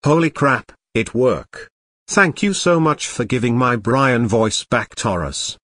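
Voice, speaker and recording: A man's voice: medium pitch, takes it slowly, no room sound, studio quality. A male text-to-speech voice playing a mischievous troublemaking boy in a fan cartoon, smug and mechanical. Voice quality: flat synthetic text-to-speech voice.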